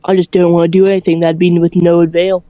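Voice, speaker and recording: Amateur doing a stern old factory matriarch, slow and deliberate, fan dub on a dull, dry home mic. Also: mid-range voice, little pitch movement, no room sound, close to an everyday voice. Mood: firm. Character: elderly woman factory worker representative, stern.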